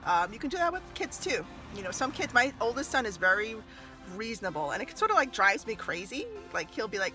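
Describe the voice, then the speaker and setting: A woman talking casually to camera as a mother and former early childhood teacher, animated and laughing often as she acts out little scenes. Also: a little high, a little fast, loud music behind the voice. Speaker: mother giving parenting tips. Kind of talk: casual advice vlog to camera.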